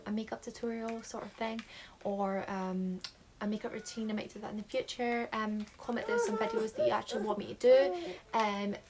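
A woman's voice: a little high, background noise. A nineteen-year-old woman with a Scottish accent, chatting casually through a beauty haul with lots of um fillers. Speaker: beauty vlogger.

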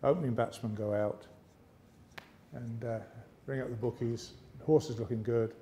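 An English man giving a motivational speech on stage, telling a lively story and slipping into other people's voices. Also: mid-range voice, moderate pace, a little hiss or hum. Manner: lively yarn-spinning with character voices. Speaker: motivational speaker. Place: arts centre stage, live audience.

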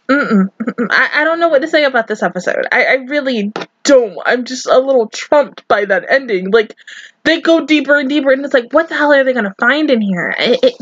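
A young woman with a fairly high voice reacts out loud in loose, expressive commentary, swearing and laughing as she goes. The sound is dry and close, with a slightly dull, muffled top end. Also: moderate pace, husky, dry recording. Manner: expressive, swears, laughs often, talks back to the screen. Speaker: anime reaction YouTuber.

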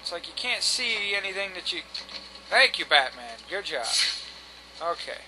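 A man's voice: high-pitched, very animated, moderate pace, noisy background. A man giving casual let's-play commentary, exasperated and swearing at the game and at himself. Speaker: gameplay commentator.

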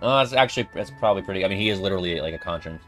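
A man giving casual gameplay commentary, excitable and quick to swear, yelping and exclaiming at the action. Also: sits low. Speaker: let's play commentator. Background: game music.

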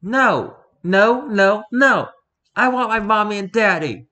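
A man voicing a small girl lost at an amusement park, childlike and pleading in a hushed voice. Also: sits high, expressive, moderate pace, exaggerated voice. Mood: upset. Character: sweet little girl lost at a theme park.

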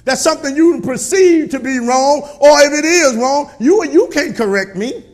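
High-pitched preaching man. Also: expressive, moderate pace. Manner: call-and-response preaching, colloquial, rising to shouts. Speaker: pastor. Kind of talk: sermon.

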